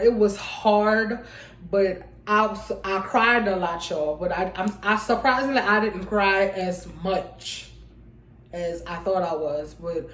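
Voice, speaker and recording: Young woman talking with viewers in an echoey room. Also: medium pitch. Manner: rambling, restarts often, addresses viewers as y'all. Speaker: vlogger. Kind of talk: casual heartfelt vlog talk.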